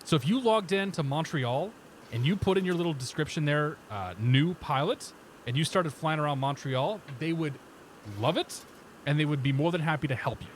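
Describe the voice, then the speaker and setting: At normal speed and a fairly high pitch, a man talks with slight background noise present. His vaguely Midwestern speech carries some Boston flair as he casually chats on a flight sim stream, reading back pilot radio calls like a real pilot.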